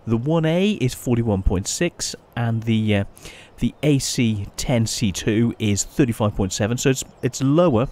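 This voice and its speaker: A man giving casual, chatty gameplay commentary as a channel host, often pausing and restarting his sentences. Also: mid-range voice, darkish tone. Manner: chatty, halting, many restarts and fillers.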